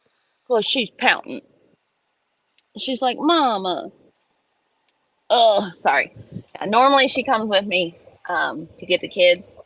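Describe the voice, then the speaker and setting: A woman's voice: medium pitch, lively intonation, measured pace, pauses often, bright, forceful tone, no echo, poor audio. A woman host on a phone livestream, sitting in her car, ranting bluntly and profanely. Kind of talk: casual livestream rant. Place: in a parked car in a school pickup line.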